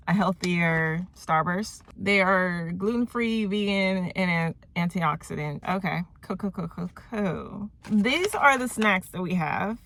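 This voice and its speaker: A woman's voice: fairly low pitch, sharp tone, slight background noise. A woman vlogger rambling through a casual movie recap, opinionated and full of fillers.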